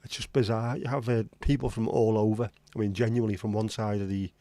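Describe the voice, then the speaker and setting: A man's voice: fairly low pitch, little pitch movement, quick pace, mellow, no echo. A man hosting a casual livestream chat, rambling and reading out viewer comments. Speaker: livestream host.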